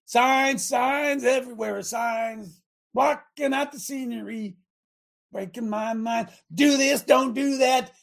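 An older man hosting a talk radio show, delivering a fiery, repetitive preachy rant that rises to shouts. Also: very high-pitched, fairly even intonation, slow pace, vocal fry.

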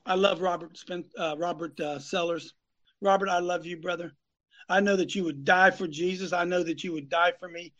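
Fiery high-pitched preacher man. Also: fairly even intonation, moderate pace, fairly bright tone, lo-fi sound. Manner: emphatic, repetitive, calls on co-hosts by name. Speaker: host and preacher. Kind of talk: fiery preaching on a live talk show. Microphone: phone.

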